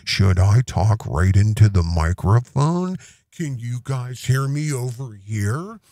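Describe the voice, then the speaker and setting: A man's voice: medium pitch, lively intonation, slow, warm tone, no echo, voice pushed down. A man putting on the voice of a gushing, fake-naive grown man who acts brand new to microphones, in exaggerated folksy gee-whiz talk. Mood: mocking.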